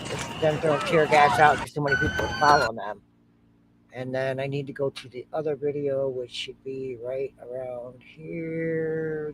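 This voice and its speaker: A man's voice: fairly high pitch, huge pitch swings, normal speed, noisy background. A man co-hosting a reaction show, chatting casually and joking, humming to himself while he searches for clips.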